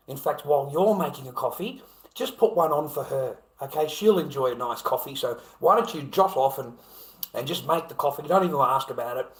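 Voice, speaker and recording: A man's voice: mid-range voice, fairly quick, reverberant. A man in his fifties with an Australian accent, ranting profanely and mocking his chat during a casual livestream. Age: 50s.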